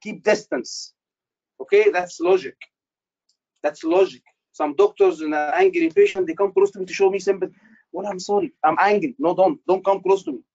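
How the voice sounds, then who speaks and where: Animated man quizzing his class. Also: high-pitched, vocal fry, muffled recording. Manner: quizzes the class with quick questions; repeats key phrases for emphasis. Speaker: exam tutor for doctors. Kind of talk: live teaching session.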